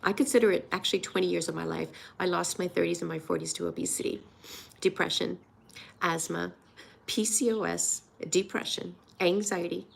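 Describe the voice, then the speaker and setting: A woman's voice: on the low side, steady tone, moderate pace, creaky, breathy edge. A woman in her sixties, a weight loss coach, talking earnestly and emotionally in a personal vlog, encouraging her viewers. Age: 60s.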